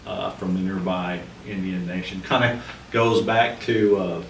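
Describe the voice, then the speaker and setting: Low, unhurried, and touched with vocal fry, this man's voice keeps a fairly even intonation. He co-hosts a podcast as a history researcher, loosely discussing the Old West with lots of fillers and restarts. A distant mic in a roomy space picks him up alongside faint noise.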